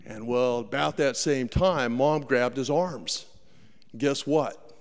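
Folksy preacher in a reverberant hall. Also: male voice, mid-range voice, takes it slowly. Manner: folksy, dramatic storyteller, acts out voices. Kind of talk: sermon storytelling.

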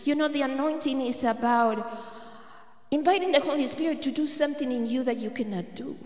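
A woman's voice: high voice, a little fast, a little mellow. A woman preaching at a prayer gathering. She tells a personal story in an earnest way and acts out what others said. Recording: echoey hall reverb.

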